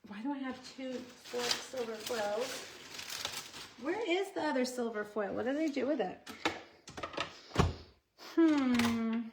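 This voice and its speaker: A woman in her forties hosts a relaxed card-making stream and chats freely with her viewers while she works. Her voice sits a little high, and a faint hiss runs under it. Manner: chatty, talks to viewers while crafting. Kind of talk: casual craft livestream.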